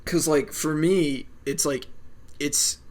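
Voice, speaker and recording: A man's voice: fairly high pitch, fairly even intonation, slow pace, a little mellow. A man co-hosting a casual film chat, rambling and filling his talk with "like". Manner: rambling, heavy on filler "like". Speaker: film podcast co-host.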